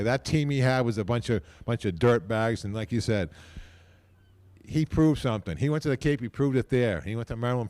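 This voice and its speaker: Older New man, casual rambling speaker, fond and folksy at a ceremony podium. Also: mid-range voice. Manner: rambling, folksy, repeats "okay?" and phrases. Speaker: team owner speaking at a hall of fame ceremony. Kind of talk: casual off-the-cuff speech.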